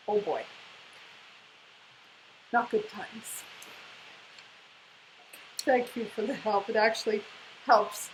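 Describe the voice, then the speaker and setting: A woman's voice: mid-range voice, slow, long pauses, slight background noise, low-quality recording. A woman in her forties, co-hosting a casual video and reading aloud from her old journal, earnest but often breaking into laughter. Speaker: co-host sharing her spiritual journey.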